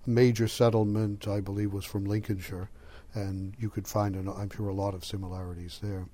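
An older man speaks in a measured, lecturing way during an interview. His voice sits somewhat low and sounds mellow and dark. He pauses to think and weighs his words. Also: flat delivery. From Boston area. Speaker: interviewee, language scholar. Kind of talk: conversational interview answers.

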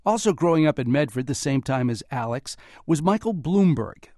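A man's voice: a little high, expressive, moderate pace, warm tone, no echo, clean studio sound. A man hosting a radio talk show, narrating scripted segments and questioning guests. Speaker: radio host.

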